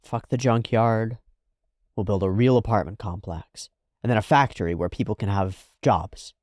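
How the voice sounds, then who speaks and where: Male reaction host with a low voice, animated and profane, dry close sound. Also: normal speed, no echo. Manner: animated, swearing, swings between loud and hushed. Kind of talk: casual reaction commentary.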